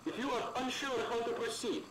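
A curt facility supervisor. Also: male voice, very high-pitched, fairly even intonation, a bit bright, reverberant, rough recording. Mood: instructing. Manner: brisk, calls the player comrade. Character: curt male science-facility supervisor, unbothered. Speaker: supervisor in a horror game.

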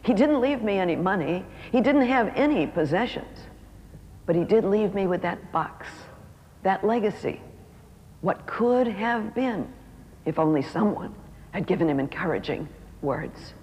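A middle-aged woman, an author and speaker, telling a personal story in an emotive way and slowing down for emphasis. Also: fairly low pitch, lively intonation, warm tone, dull audio. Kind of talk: storytelling talk. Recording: reverberant hall with faint noise.

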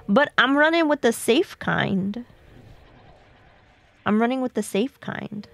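A woman's voice: on the high side, animated, takes it slowly, creaky, dry recording. A woman live-streaming a video game, chatting to her viewers and talking to herself as she plays. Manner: chatty, talks to herself and chat while playing.

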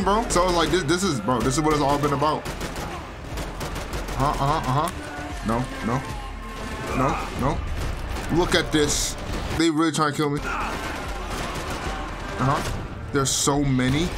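A man's voice: fairly high pitch, a little slow, long pauses. A young man giving chatty, emotional gameplay commentary, saying "bro" a lot. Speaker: gaming video creator. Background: game soundtrack music.

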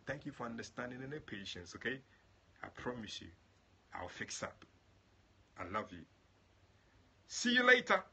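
A male prophet and pastor praying and then chatting affectionately with his online viewers, greeting them by name and jumping into high exclamations. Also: pushed and bright, a little hiss or hum. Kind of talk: livestream prayer and chat with viewers.

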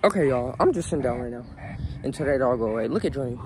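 A young man vlogging on his phone while walking his dog in a park, chatting excitedly to viewers in slangy casual talk. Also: medium pitch, fast talker. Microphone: phone held in hand. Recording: outdoor phone audio with background noise.

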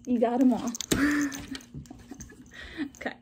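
A woman unboxing dog toys and treats at home in a casual vlog, gently coaxing her dogs between descriptions of each item. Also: a little high, slow pace. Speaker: dog owner reviewing a subscription box. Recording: noisy home recording.

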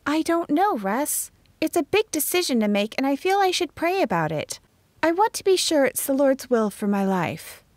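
Mabel, a woman doing a bright young schoolteacher. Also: high voice, normal speed, no echo, pitched above the performer's own voice. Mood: earnest. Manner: lively, bright-toned dialogue reading. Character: eighteen-year-old female schoolteacher, earnest and spirited.

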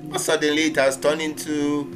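A man hosts a church talk in a lively preaching style, often acting out other people's voices. His voice sits a bit high for a man. Music plays steadily under him. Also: normal speed. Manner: animated preaching, acts out quoted voices. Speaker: ministry host. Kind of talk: sermon-like conversation.

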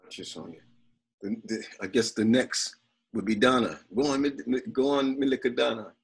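Gravelly husky man leading a family call. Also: mid-range voice, steady tone. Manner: halting, with many restarts and fillers. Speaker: family call host and prayer leader. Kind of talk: prayer, then casual video call hosting. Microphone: video call.

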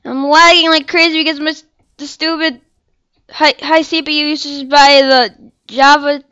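A woman's voice: high voice, level tone, normal speed, dry recording. A young woman commentating her own game, rambling and apologetic, and crying out in frustration when she loses. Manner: upset, cries out and shouts after dying. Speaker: gameplay channel host. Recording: dull lo-fi mic sound.

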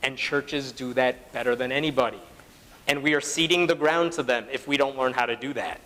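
A man's voice: mid-range voice, a little fast, bright, forceful tone. Chatty man speaking in a reverberant hall. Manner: conversational, fillers and quoted asides. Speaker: conference speaker. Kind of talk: public talk to an audience. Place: conference hall.

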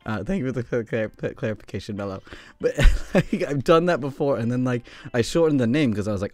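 A man's voice: medium pitch, animated, fast, few pauses, darkish tone, dry recording. A man hosting an improv game stream, talking in a casual, rambling way with frequent restarts and stumbles. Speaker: host. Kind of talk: casual chat.

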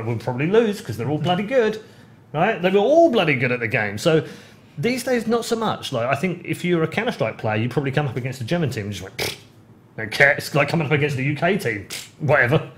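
A man in casual podcast chat, telling stories with lively swings of pitch when he gets excited. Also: fast talker, a little hiss or hum. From United Kingdom. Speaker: podcast host.

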